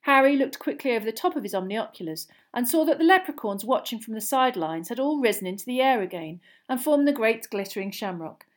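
A woman reading a storybook aloud in steady narration. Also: on the high side, quick pace, hardly any pauses. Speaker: audiobook reader.

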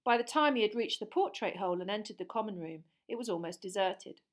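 Casting: woman narrator, mid-pitched, measured and expressive for an audiobook. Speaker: audiobook reader.

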